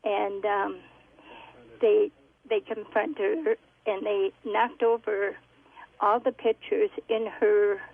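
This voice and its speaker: A woman caller on a tinny phone line, speaking slowly in an even, flat tone. Her voice is a little gravelly, and she hesitates often as she tells her story. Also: medium pitch. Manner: hesitant, many ums, halting.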